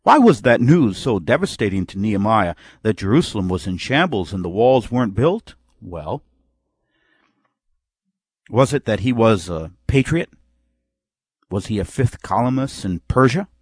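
Male preacher, sermon delivery, animated pitch, dry close sound, reads scripture and voices imagined replies. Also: a little slow, slightly rough, no room sound. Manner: reads scripture in old King James wording, acts out imagined replies.

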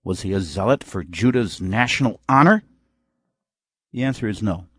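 Male preacher, sermon delivery, animated pitch, dry close sound, reads scripture and voices imagined replies. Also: normal speed, breathy edge, no room sound. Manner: reads scripture in old King James wording, acts out imagined replies.

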